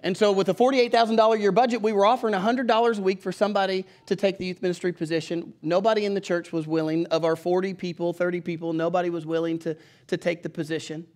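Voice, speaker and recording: A man, preaching from the pulpit in a casual, animated storytelling style. His voice sits high for a man, and he often restarts a thought mid-sentence. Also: fast talker, few pauses. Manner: conversational and animated, with restarts and acted-out dialogue. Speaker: pastor. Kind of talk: storytelling sermon.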